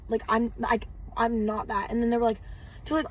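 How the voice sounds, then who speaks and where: A teenage girl co-hosting a casual podcast, rambling and filling every pause with "like.". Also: a little high, steady tone, husky. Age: teens. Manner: rambling, heavy use of "like". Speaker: podcast co-host. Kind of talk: casual chat. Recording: distant mic with faint background noise.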